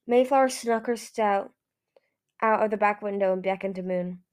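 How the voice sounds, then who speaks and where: A woman's voice: medium pitch, normal speed. A woman reading a fantasy novel aloud in plain narration, now and then correcting herself. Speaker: audiobook reader.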